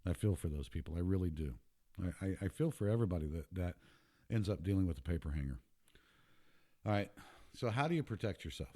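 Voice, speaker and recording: Fired-up man with a low, dark voice. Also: expressive, fast, long pauses. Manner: emphatic, repeats himself, worked up. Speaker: podcast host. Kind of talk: casual monologue.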